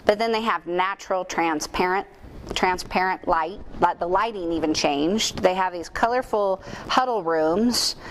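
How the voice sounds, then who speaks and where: A woman's voice: medium pitch, a little hiss or hum. A woman speaking at a conference into a microphone, telling stories and asking the audience questions, with jokes at her own expense. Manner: animated storyteller, asks the audience questions, jokes at herself. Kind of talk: lively keynote talk to an audience. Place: conference room at a chamber of commerce. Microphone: handheld or stage microphone.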